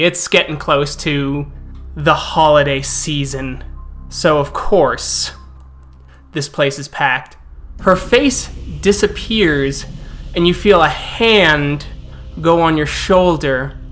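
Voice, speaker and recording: A man serves as game master for a tabletop role-playing game, narrating and setting scenes calmly and descriptively. His voice sits on the high side.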